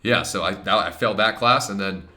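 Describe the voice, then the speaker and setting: A young man streaming from home, telling a story in a casual, blunt rant full of swearing. His voice sits low and carries a bright, forceful edge. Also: fairly quick. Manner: blunt, profane, ranting.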